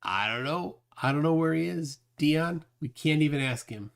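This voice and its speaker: A man's voice: a little high, animated, normal speed, vocal fry. A man hosting a casual livestream, reading viewer comments aloud and rambling with lots of fillers. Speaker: livestream host reading chat.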